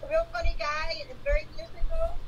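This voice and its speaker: A woman introduces comics at a virtual open mic, her voice high and swinging widely in pitch. She chats loosely and rambles between names. The video-call audio carries a clear hiss of noise. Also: very animated, quick pace, recorded from a distance. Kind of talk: casual hosting over video call.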